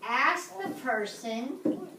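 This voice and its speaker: A woman's voice: sits high, expressive, drawn-out words. A woman teaching a class, patiently asking her students questions and walking them through steps. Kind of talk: classroom lesson. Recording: echoey room, distant mic, noisy.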